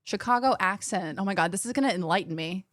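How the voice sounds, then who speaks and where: Talking fast at medium pitch, this young woman from Illinois has a subtle mixed Midwestern and West Coast accent. On her live stream she's animated and chatty, reading messages aloud, laughing a lot, and swearing casually, all in a dry, clean studio recording.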